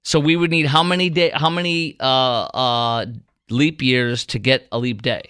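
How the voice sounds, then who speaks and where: A man hosting a talk radio show, chatting in a rambling, animated way and quizzing his producer. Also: mid-range voice, unhurried, smooth, dry recording, clean studio sound. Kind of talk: casual talk radio monologue. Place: radio studio.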